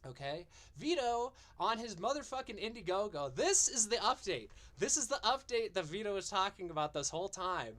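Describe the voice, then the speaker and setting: A man's voice: high-pitched, very animated, moderate pace, few pauses, fairly bright tone. A man hosting a stream, ranting in a profane, mocking and exasperated way. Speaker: streamer and show host.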